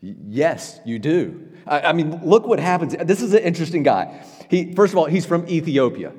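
A man preaching as a pastor in a church, talking in a conversational way with frequent "right?" asides and quick restarts. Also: medium pitch, darkish tone, long reverb tail. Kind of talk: sermon. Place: church sanctuary.

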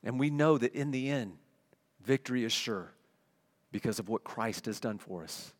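A man's voice: mid-range voice, lively intonation, normal speed. A middle-aged man preaching a sermon to his church, moving from conversational asides to emphatic declarations. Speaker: pastor. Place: church sanctuary. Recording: long hall reverb.

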